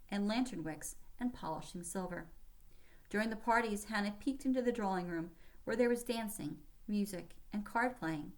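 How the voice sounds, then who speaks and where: A woman reading a children's historical novel aloud in steady storytelling narration. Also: medium pitch. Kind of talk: audiobook narration.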